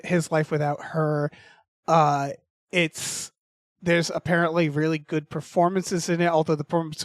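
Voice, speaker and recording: A man's voice: high voice, dry recording, clean studio sound. A man co-hosting a podcast in casual chat, rambling with many fillers and restarts. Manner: rambling, hesitant, full of fillers. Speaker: podcast co-host.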